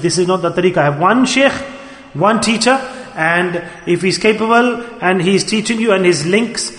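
A man preaching a sermon to a gathering, earnest and pleading, leaning on slow, emphatic repetitions. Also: high voice, lively intonation, a bit bright. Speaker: Sufi preacher. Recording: echoey hall.

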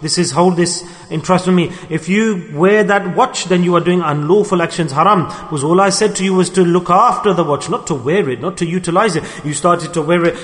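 A man giving a storytelling sermon, animated, acting out dialogue and repeating phrases for emphasis. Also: high voice, brisk, few pauses. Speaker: preacher. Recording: long hall reverb.

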